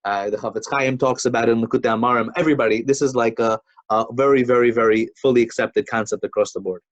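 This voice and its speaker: A man's voice: medium pitch, steady tone, quick pace, muffled recording. Man teaching an informal Torah class. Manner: conversational, many restarts and fillers, storytelling.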